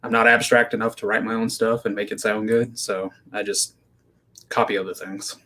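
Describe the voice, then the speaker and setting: A man's voice: on the low side, level tone, normal speed, bright, forceful tone. A man from the United States answering interview questions in a matter-of-fact, analytical way. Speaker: guest. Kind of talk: casual interview talk.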